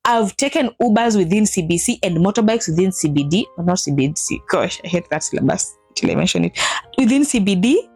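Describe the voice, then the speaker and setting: A woman in her thirties tells a personal vlog story in an animated way, acting out what people said with big jumps in her voice. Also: brisk, slightly rough, faint music behind. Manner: animated, acts out quotes with big pitch jumps. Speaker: vlogger telling a personal story. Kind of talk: emotional storytelling to camera.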